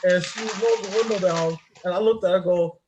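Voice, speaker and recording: A man's voice: high voice, steady tone, fast, dull audio, noisy background. A man who drives an airport shuttle bus, telling jokey work stories in casual chat and laughing often at his own wordplay.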